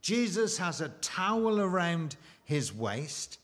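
Slow, emphatic higher-voiced male preacher. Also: sing-song, fairly bright tone. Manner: slow and emphatic, with dramatic pauses and rhetorical questions. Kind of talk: sermon.

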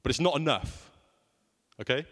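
A man's voice: a little high, lively intonation, normal speed, a bit bright, in a large hall. A young man preaching a sermon in a conversational way, often asking rhetorical questions.

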